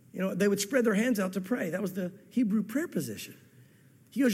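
A man's voice: high-pitched, animated, a little fast, husky. A man preaching a sermon as pastor, fervently quoting scripture and repeating his words for emphasis. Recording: echoey hall reverb.

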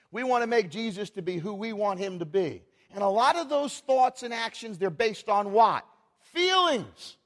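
A man preaching a sermon in church, animated and asking the congregation rhetorical questions. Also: sits high, in a large hall. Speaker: pastor.

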